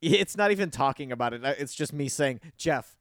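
A man hosts a casual podcast, talking in a dry, close-miked sound with no room around him. He rants animatedly, swears freely and jumps into high squeaky voices when he mimics people. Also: animated, fairly quick, a bit bright, no echo. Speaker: podcast host.

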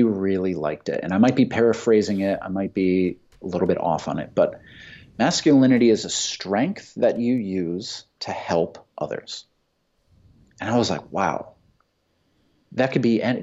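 Blunt, profane man, low voice. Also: darkish tone. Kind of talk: casual opinionated chat. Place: Santa Monica. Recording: dull lo-fi sound.

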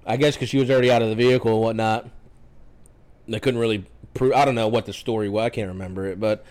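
A man's voice: on the low side, fairly even intonation, fast, darkish tone. A firefighter paramedic man telling work stories in a casual interview, blunt and heavy on profanity.

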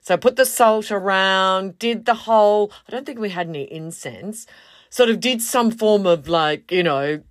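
A woman's voice: mid-range voice, moderate pace, no room sound, clean studio sound. A woman hosting a podcast, telling a story in a casual way and acting out the quoted lines. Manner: animated, acts out quotes in other voices. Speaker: podcast host.

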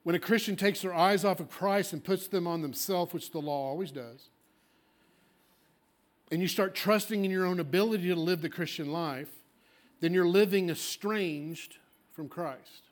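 Emphatic high-voiced male pastor preaching. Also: moderate pace. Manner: emphatic, swings from loud declarations to hushed asides; acts out congregants' objections in a small voice. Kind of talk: sermon.

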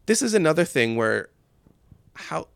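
A man's voice: a little high, sing-song, a little slow, creaky, clear, resonant tone, dry recording. A man co-hosting a podcast, chatting casually about a film in a joking, rambling way, with asides along the way. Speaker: podcast co-host. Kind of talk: casual chat recapping a film.

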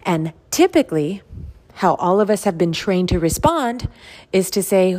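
A woman with a slightly low voice talks through a self-help podcast on her own. Her delivery is earnest and emphatic, and she stacks repeated phrases to drive each point home. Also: very animated, normal speed, a little mellow. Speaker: podcast host. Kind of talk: motivational self-help monologue.

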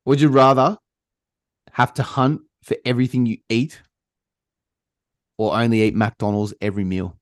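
A young man with an Australian accent hosts a podcast in loose, easygoing banter. He laughs a lot and swears casually, his voice at an average pitch. The sound is close and dry, with no room around it. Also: fairly even intonation, normal speed, long pauses, no echo. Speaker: podcast host. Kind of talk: casual chat.

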